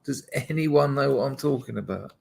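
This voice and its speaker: A man's voice: medium pitch, lively intonation, moderate pace, vocal fry, a little mellow, a little hiss or hum. A man hosting a casual live stream, rambling and chatting to his viewers with self-deprecating asides. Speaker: livestream host.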